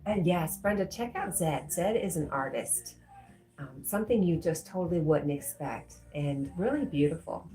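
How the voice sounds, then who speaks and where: Low-voiced woman reading chat on a livestream. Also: lively intonation, normal speed, faint music behind. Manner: warm, reads chat comments aloud, gets emotional.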